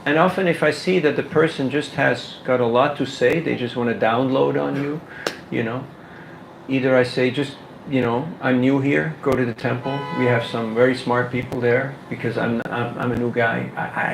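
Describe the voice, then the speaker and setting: A man giving a casual workshop talk on book distribution, animated and full of rhetorical questions, laughing now and then. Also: medium pitch, moderate pace, gravelly, echoey room, background noise.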